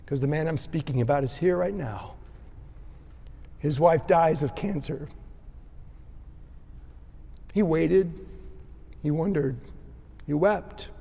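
A man preaching a sermon as pastor in a church sanctuary, his delivery swinging between ringing emphasis and hushed tenderness. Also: a little high, creaky. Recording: long reverb of a large sanctuary.

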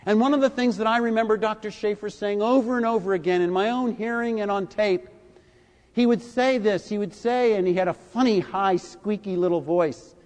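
An older man preaching a sermon, deliberate and emphatic, swinging from soft, low phrases to loud, stressed ones. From United States. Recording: echoey hall.

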